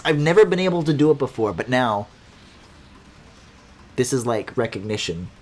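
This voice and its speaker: A man's voice: mid-range voice, big pitch swings, moderate pace, a little hiss or hum. A man streaming a video game, giving sarcastic, rambling commentary full of swearing. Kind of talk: casual let's-play commentary. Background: faint game music.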